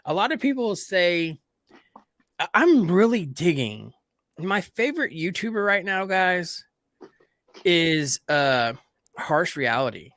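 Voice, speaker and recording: Bright-voiced man rambling to his viewers. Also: high-pitched, very animated, slow, long pauses, no echo, studio quality. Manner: rambling, keeps addressing viewers as guys. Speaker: livestream host. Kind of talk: casual group chat.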